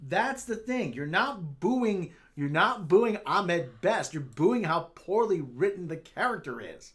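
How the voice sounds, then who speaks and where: A man's voice: high voice, big pitch swings, a bit bright. A man hosting a casual livestream, arguing his point with frequent restarts and repeated words. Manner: halting, restarts a lot, argues his point. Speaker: streamer host.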